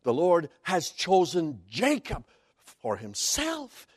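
A man's voice: fairly high pitch, wildly swooping pitch, takes it slowly, no echo, clean studio sound. A man preaching a sermon as Bible teaching, stressing key words emphatically and explaining Hebrew terms one by one.

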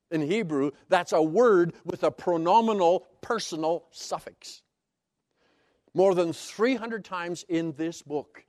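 A man's voice: on the high side, animated, slow pace, a little mellow, no echo, studio quality. A man preaching a sermon as Bible teaching, stressing key words emphatically and explaining Hebrew terms one by one.

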